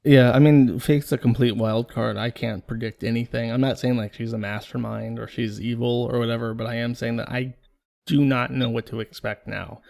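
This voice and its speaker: A man's voice: medium pitch, steady tone, normal speed, vocal fry, darkish tone. A man co-hosting a podcast, talking bluntly and mockingly in casual commentary, with plenty of swearing. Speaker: podcast co-host.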